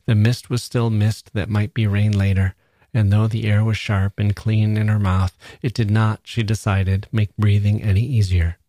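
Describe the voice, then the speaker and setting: Guy narrating a short novel, low voice, steady and measured, dry close mic. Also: no room sound. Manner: measured, even storytelling. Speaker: reader. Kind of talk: literary audiobook narration.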